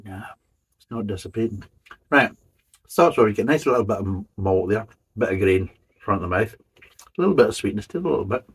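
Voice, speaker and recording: A man's voice: lowish voice, lively intonation, brisk, pauses often, breathy edge, poor audio. A man giving a casual, methodical beer review, describing each flavour in detail. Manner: methodical, detailed tasting commentary.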